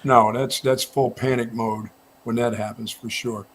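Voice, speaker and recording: A man co-hosting a morning sports radio show, telling stories in a relaxed, casual way with frequent restarts. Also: mid-range voice, a little slow. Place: radio studio.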